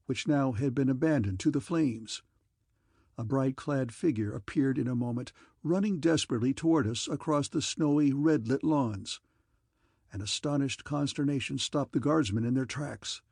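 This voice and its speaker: A man reads an audiobook in measured, dramatic narration. His voice has a gravelly fry and a husky grain. The recording is close and dry. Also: mid-range voice, darkish tone, no echo. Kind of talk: scripted narration.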